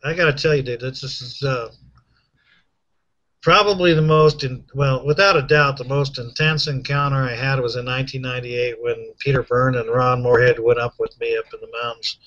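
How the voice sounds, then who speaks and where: A man's voice: mid-range voice, fairly even intonation, normal speed, a bit bright, dull audio. A man hosting a casual conversation, telling a long story in a chatty, rambling way with frequent restarts.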